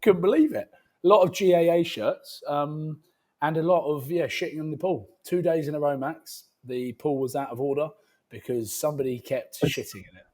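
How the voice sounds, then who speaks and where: A man's voice: a little high, normal speed, mellow. A man co-hosting a rugby podcast, telling joking stories in casual banter. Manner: joking, banter-heavy storytelling. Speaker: podcast co-host. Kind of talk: casual chat.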